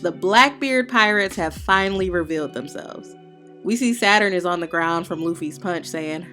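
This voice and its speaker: Woman hosting a manga review, low-ish voice, chatty and slangy, throws in jokey heckles, soft music behind. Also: normal speed. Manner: slangy and opinionated, with playful heckling asides. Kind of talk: casual spoken chapter recap.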